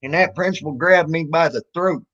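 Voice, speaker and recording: A man's voice: a little high, a little fast, fairly bright tone. A man casually telling a childhood story, rambling and swearing, full of fillers and restarts. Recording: dull lo-fi recording.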